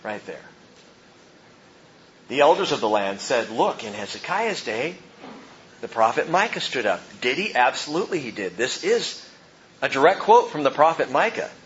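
A man preaching a sermon as pastor, swinging between loud emphatic peaks and quiet low asides. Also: moderate pace, long pauses, dull audio, a little hiss or hum. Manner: animated preaching, rising and dropping sharply for emphasis.

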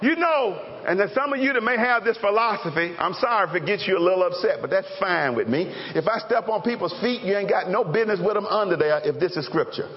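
A pastor preaching a lively, joking sermon and calling out to the congregation. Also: male voice, high voice, fast talker, few pauses. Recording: echoey hall, dull lo-fi sound.

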